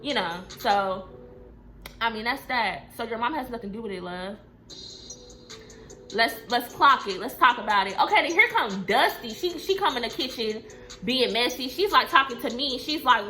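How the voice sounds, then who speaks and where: A young woman with a bright, forceful, fairly high voice tells a storytime over faint music. She's blunt and cursing, and her pitch leaps when she acts out what people said. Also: normal speed. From Texas. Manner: blunt, profane and animated, acting out quotes with big pitch jumps. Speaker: vlogger telling a storytime. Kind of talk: casual storytime monologue.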